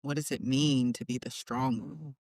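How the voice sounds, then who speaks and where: A woman's voice: rumbling low, steady tone, moderate pace, a little mellow, dry recording. A woman hosting a podcast, chatting casually and laughing often. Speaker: podcast host.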